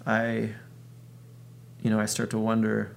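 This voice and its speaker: A man's voice: on the low side, monotone, measured pace, gravelly, slight background noise. A man in his thirties thinking aloud in a reflective monologue, working through an analogy as he goes. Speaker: video host.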